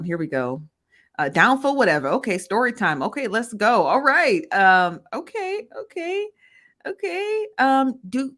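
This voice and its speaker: Animated chatty woman livestream host. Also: on the high side. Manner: greets chat viewers by name, animated and chatty. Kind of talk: casual livestream chat. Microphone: phone.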